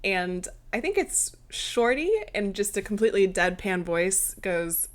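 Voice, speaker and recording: A woman's voice: medium pitch, animated, measured pace, hardly any pauses. A young woman co-hosting a film review podcast, chatting casually, laughing often and dry with sarcasm. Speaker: podcast co-host.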